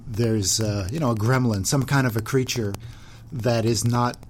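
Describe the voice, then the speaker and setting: A man hosting a casual interview, asking probing questions in a relaxed, gently coaxing way. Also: mid-range voice, normal speed, slight background noise. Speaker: host.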